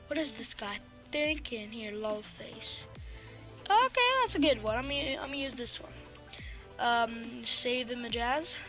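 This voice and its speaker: A woman hosting a casual tutorial, rambling and chatty, full of fillers, talking back to what she sees on screen. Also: a little high. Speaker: tutorial host. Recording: music playing under the voice. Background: background music.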